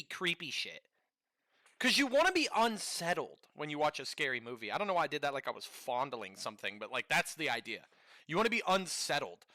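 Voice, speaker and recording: A man streaming live and reacting to a video, with a bright, fairly high voice that swings widely in pitch. He rambles in an animated, profane way, and the sound is dry and close. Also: no room sound.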